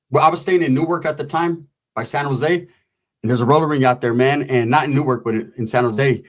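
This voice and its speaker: A man telling a rowdy personal story in profane slang, acting out the people he quotes. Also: fairly high pitch. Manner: profane, animated, acts out quotes.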